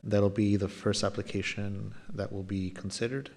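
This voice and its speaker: Flat-voiced man reading agenda changes. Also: fairly low pitch. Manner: businesslike, polite, with "um" pauses. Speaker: city official presenting the agenda. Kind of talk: formal procedural briefing. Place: city commission chamber.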